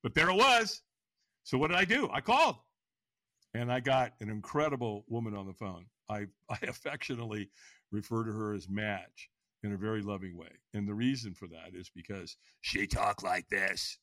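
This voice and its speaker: A man in his sixties, a podcast guest, frankly telling his own story in an animated way and acting out the voices. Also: fairly low pitch, brisk, dry recording. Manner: animated, acts out voices and inner dialogue; frank, casual speech. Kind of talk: personal storytelling in an interview.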